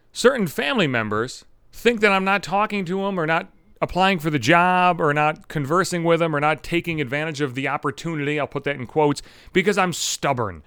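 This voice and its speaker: A young man rants into his podcast mic, swearing constantly as his fairly high voice swings widely up and down. The sound is close and dry, with no room behind it. He talks the way a fed-up host vents to his listeners. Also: a bit bright, smooth, dry recording. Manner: angry, profane, ranting. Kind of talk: solo podcast rant.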